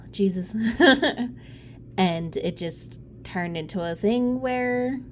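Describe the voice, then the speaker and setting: Woman tarot reader, unhurried, blunt, foul-mouthed, loose and rambling. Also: mid-range voice, slight background noise. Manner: blunt, profane and rambling, with frequent laughs and sighs. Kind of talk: casual off-the-cuff reading.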